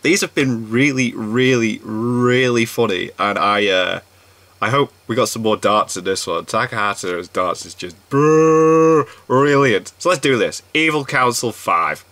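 A man's voice: mid-range voice, measured pace, a bit bright, no echo. A man casually reacting to a comedy video, giggly and enthusiastic.

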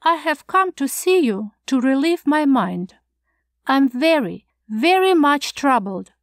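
A prim, nervous old schoolmaster, as a woman reader voices him frets and lectures in a scandalized, pleading tone. The voice sits high and strained, with slow, drawn-out pacing. It is recorded dry and close for an audiobook. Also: very animated, dry recording, heavily acted. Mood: fretful lecturing. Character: fussy, anxious, prim older male schoolmaster.

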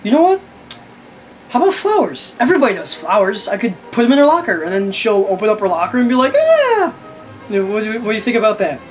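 A man's voice: high-pitched, animated, over music, voice pushed up, low-quality recording. A man putting on an eager, fretful teen boy. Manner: eager, pleading, rushing through ideas. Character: anxious teenage boy fretting over asking a girl to prom.

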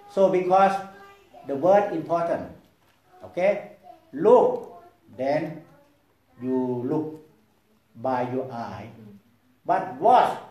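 A Thai-accented man teaching meditation as a monk, unhurried and halting, repeating words softly and pausing to check in. His voice sits a touch high for a man. The sound rings in an echoey hall. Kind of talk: guided meditation talk. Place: meditation hall at a Buddhist society.

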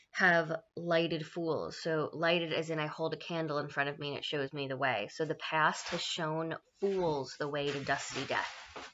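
A woman teacher with a low, bright, forceful voice talks through a play in an easygoing, chatty way. She paraphrases often and checks in with "right?". The recording sounds dull and lo-fi. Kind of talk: casual classroom explanation of a play.

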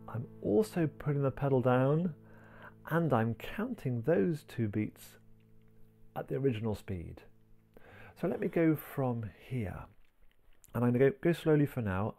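Gravelly-voiced man teaching piano. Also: medium pitch. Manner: gentle, explains step by step, counts beats aloud. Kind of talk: piano tutorial, talking while playing. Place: indoors at a piano. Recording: talk over loud piano playing.

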